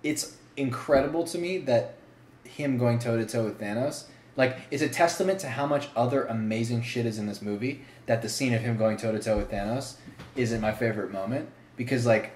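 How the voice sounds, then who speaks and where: A man's voice: medium pitch, a little fast, a little mellow, slight background noise. A man co-hosting a casual podcast, rambling enthusiastically with many restarts. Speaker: podcast co-host. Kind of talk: casual chat. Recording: echoey room with faint ambience.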